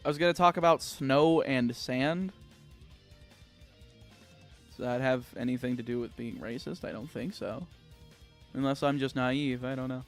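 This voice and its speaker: A man's voice: medium pitch, a little slow, long pauses, faint music behind. A young American man chatting on a game livestream, answering viewer comments in a rambling, sarcastic way with lots of restarts. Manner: rambling, sarcastic, many restarts and filler words. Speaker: streamer. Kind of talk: casual livestream chat reading viewer comments.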